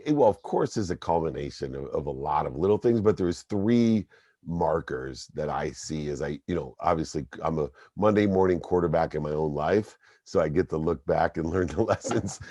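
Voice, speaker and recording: A middle-aged man, a guest on a podcast, telling personal stories in an emphatic, animated way. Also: deep voice, moderate pace, no room sound. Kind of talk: storytelling interview.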